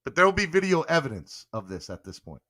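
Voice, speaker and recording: Young male podcast host, playful and coaxing, crisp bright tone, slightly high voice. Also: sing-song, fast. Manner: playful, coaxing, laughing often. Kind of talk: casual live-stream chat.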